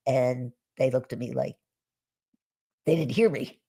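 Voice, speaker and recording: A woman guest on a video call, recounting her experiences in a relaxed conversational way, with frequent restarts and soft laughs. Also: a bass voice, takes it slowly, pauses often, breathy edge. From United States. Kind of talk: conversational storytelling on a live stream.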